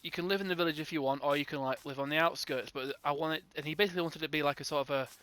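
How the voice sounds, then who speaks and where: A man's voice: on the high side, steady tone, very fast, a bit bright, clean tone. A young man casually telling a rambling gaming storytime, acting out both sides of the conversation. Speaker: gaming channel host.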